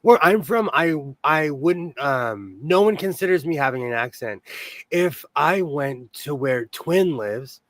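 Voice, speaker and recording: Chatty man with a high voice. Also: animated, unhurried, no room sound. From California. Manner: rambling, laughs often. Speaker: podcast host. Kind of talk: casual chat.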